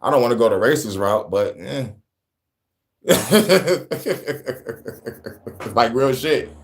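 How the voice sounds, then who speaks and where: A young man with a New York accent, co-hosting a casual, profane podcast chat, animated and laughing often. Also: mid-range voice, extremely slow. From New York, Bronx. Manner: animated, laughing, swearing, breaks into rap voices. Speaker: podcast co-host.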